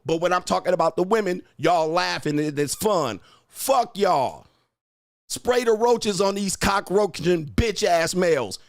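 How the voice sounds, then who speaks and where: A man hosting a livestream tears into his chat with a profane, insult-heavy rant, hammering the same taunts again and again. His voice sits fairly high for a man and is recorded dry and close. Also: no room sound. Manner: mocking, repeats taunts. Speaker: livestream host and dating coach. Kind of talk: ranting at live chat.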